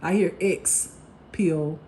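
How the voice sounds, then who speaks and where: A mellow, warm voice delivers a casual spiritual tarot reading with plenty of bluntness and swearing. The reader laughs easily and slips in quick acted-out snippets of other people's talk. A faint hum of noise sits behind the voice. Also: mid-range voice, steady tone. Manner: blunt, profane and laughing, acting out gossip.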